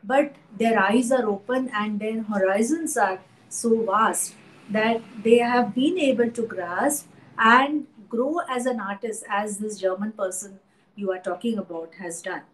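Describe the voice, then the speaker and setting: A woman with an Indian English accent, an art historian and teacher, speaking thoughtfully in an interview with many pauses and fillers. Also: fairly high pitch, rough recording. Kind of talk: interview conversation.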